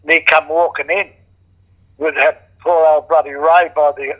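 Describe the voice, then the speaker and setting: A man's voice: a little high, flat delivery, moderate pace, fairly bright tone, muffled recording. An older Australian man in a casual interview, telling stories bluntly, swearing freely and acting out what others said. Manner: blunt, swears freely, acts out quoted voices. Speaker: interviewee, former criminal. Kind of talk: casual storytelling.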